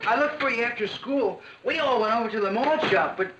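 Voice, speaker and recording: Eifersüchtiger Teenager-Freund. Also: male voice, very high voice, lively intonation, a little fast, dull audio, loud music behind the voice. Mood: sulky. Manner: earnest, sulky. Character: jealous earnest teenage boyfriend. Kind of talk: 1960s sitcom acting.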